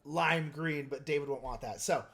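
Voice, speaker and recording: A man's voice: on the high side, moderate pace, fairly bright tone. A man hosting a live stream, chatting casually and meandering while he explains his painting technique and answers viewers.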